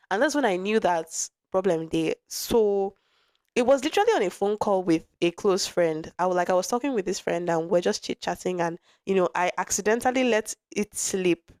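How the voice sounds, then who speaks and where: A woman's voice: on the low side, smooth, dry recording, clean studio sound. A young woman hosting a podcast, telling a personal story in a frank, conversational way, with restarts and asides, her voice touched by a lingering cough. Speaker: podcast host.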